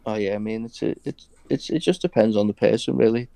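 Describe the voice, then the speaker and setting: A man's voice: fairly low pitch, fast talker, gravelly, dark tone. A man chatting casually as a podcast guest, hesitant, with many ums and restarts. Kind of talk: casual chat.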